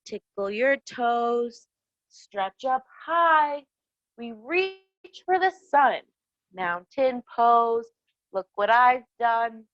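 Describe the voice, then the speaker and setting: A young woman guides children through a yoga class outdoors in a bright, high voice. She talks slowly and cheerfully, drawing out her cues. The sound is close and dry. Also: no room sound, muffled recording. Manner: cheerful, encouraging, sing-song cues to children. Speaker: kids yoga instructor. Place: outdoors in a yard.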